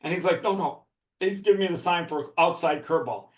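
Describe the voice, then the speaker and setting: Laughing while he talks, a man from the Chicago area shares a profane story as a guest on a podcast, keeping the chat casual. He has a somewhat high voice and a brisk delivery, recorded in an echoey space.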